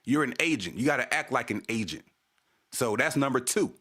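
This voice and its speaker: A man's voice: medium pitch, expressive, brisk, sharp tone. Casting note: a male stream host in a heated, profane casual rant, repeating his points. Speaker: channel host.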